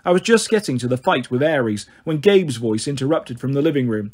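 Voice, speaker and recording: Husky-voiced man narrating a story. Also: mid-range voice, fairly quick. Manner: first-person storytelling, steady reading. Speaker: audiobook narrator. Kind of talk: scripted narration.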